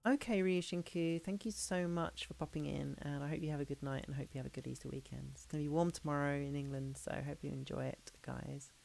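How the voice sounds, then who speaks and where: A woman streamer in a casual hangout chat, talking fast and loose with frequent laughs and restarts. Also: low voice, steady tone, vocal fry, a little mellow, soft background music. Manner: chatty, laughing, restarts sentences.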